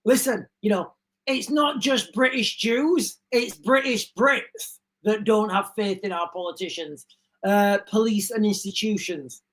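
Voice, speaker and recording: A woman's voice: mid-range voice, unhurried. A woman hosting a live stream, reading breaking news aloud and stopping to give her own opinions to viewers. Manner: reads breaking news aloud with chatty asides; talks straight to viewers, often says "guys". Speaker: livestream host. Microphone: streaming setup mic.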